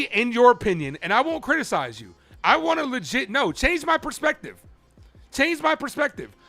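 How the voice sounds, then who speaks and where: High, bright-voiced man arguing with his chat. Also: creaky. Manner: heated and argumentative, pressing chat for answers; calls balls and strikes between rants. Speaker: live play-by-play streamer. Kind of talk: live-stream call-in with chat reactions.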